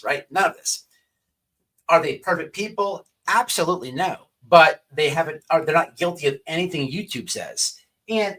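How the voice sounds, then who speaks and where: Male stream host with a somewhat high voice, casual and crude, restarting sentences often. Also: fairly bright tone. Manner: rambling with many restarts and stammers. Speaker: livestream host. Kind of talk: casual profane commentary.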